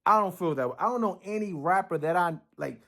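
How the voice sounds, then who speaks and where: A man's voice: high voice, animated, a little fast, gravelly, pushed and bright. Blunt, profane man reacting to a clip. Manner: acts out other people's lines in quoted voices. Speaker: commentator reacting to a video. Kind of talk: casual reaction commentary.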